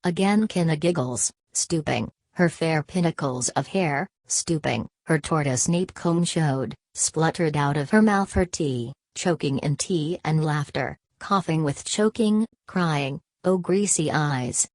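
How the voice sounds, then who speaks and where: A woman reading a literary audiobook in a measured, unhurried way. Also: deep voice, darkish tone, dry recording. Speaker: audiobook narrator.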